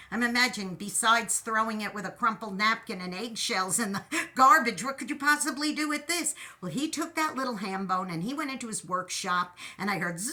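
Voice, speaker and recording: A woman host giving an animated, encouraging talk, telling stories and playfully acting out quotes. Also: mid-range voice, fairly quick. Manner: animated, storytelling with playful voices. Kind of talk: inspirational talk.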